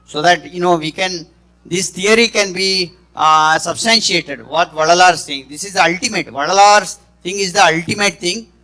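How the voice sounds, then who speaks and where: A middle-aged man giving a spontaneous talk, halting and often restarting his phrases. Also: high-pitched, pushed and bright, low-quality recording. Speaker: speaker on spiritual healing.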